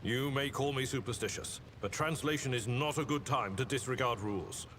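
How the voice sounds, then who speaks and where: A man's voice: medium pitch, moderate pace, fairly bright tone, slight background noise, natural voice. Stern, dutiful ship officer, formal and commanding, voiced by a man, mid-range voice, long reverb tail. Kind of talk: video game voice acting. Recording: long reverb on game dialogue.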